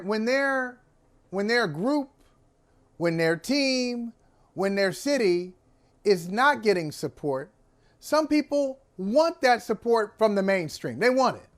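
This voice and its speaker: A man hosting a sports talk show, teasing his co-host in an animated debate. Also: sits high, slow.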